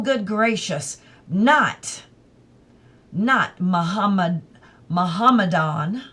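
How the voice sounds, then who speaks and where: A gentle, dreamy old Englishwoman, voiced by a woman reader, telling her tale mildly and a little absent-mindedly. Her manner wanders, unhurried and kind. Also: medium pitch. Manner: mild, wandering, forgetful.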